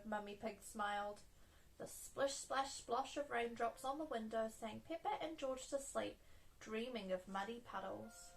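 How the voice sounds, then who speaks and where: A woman's voice: on the high side, measured pace, vocal fry, slight background noise, rough recording. A woman reading a picture book aloud to children. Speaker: children's storyteller.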